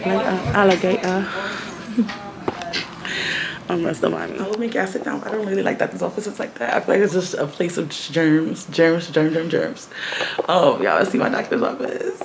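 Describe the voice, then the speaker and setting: A woman chatting into a phone held close in a doctor's office, rambling and giggling at herself, sometimes half-whispering. Her voice sits low with a gravelly fry. A noisy recording hisses underneath. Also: normal speed. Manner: rambling, giggly, self-mocking; talking half-whispered at times. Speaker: vlogger. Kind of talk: casual vlog chat.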